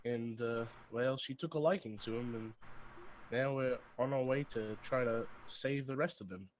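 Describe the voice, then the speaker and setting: A man's voice: medium pitch, normal speed, slight background noise, poor audio. A man playing a tabletop game in character, mild and explanatory. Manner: mild, explaining, clears his throat. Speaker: player. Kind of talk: in-character tabletop role-play.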